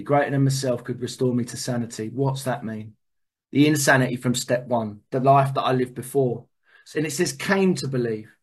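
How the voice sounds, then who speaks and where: A man telling his own recovery story in an earnest, animated way, with many restarts. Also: medium pitch, husky. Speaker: recovery speaker. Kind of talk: personal testimony talk.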